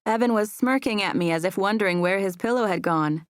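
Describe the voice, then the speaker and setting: A woman narrating a first-person audiobook in an even, gentle storytelling voice. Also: mid-range voice, a little fast, dry recording, clean studio sound. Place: recording booth.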